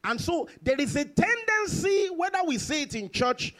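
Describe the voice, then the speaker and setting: A pastor preaches a sermon in church, reading scripture slowly and with emphasis as he moves between loud exclamations and quiet, drawn-out lines. His voice is extremely high-pitched, with big swings in pitch.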